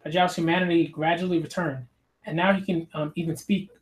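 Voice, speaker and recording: A man reading aloud as a battle-hardened mountain tribe warrior, recounting past events haltingly with small slips and self-corrections. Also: on the high side, steady tone, lightly acted, poor audio. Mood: grim recounting.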